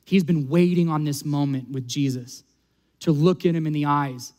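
A man's voice: on the high side, moderate pace, a little mellow. A man preaching a sermon, earnest and building to emphatic peaks. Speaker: pastor.

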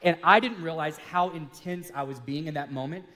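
Man, higher-pitched voice, earnest storyteller, marriage talk, reverberant hall. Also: normal speed, sharp tone. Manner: earnest, storytelling, self-deprecating. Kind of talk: casual sermon-style talk on marriage.

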